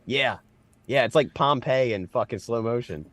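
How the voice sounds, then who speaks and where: A man's voice: mid-range voice, moderate pace, no room sound. A man telling rowdy stories as co-host of a casual comedy podcast, swearing freely. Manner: swearing, animated storytelling.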